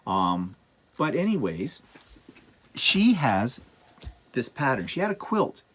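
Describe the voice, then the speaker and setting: A man chatting casually to camera about his quilting projects, rambling with asides and fillers. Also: on the low side. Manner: rambling, lively, with many ums and asides. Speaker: quilting vlogger.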